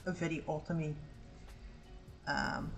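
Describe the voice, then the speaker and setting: A woman in her forties chats loosely while painting on a stream, wandering from thought to thought and swearing freely. Her voice sits a little low for a woman. Faint music plays quietly behind her. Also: little pitch movement, a little slow, rough recording. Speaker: art streamer. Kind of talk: casual chat while painting.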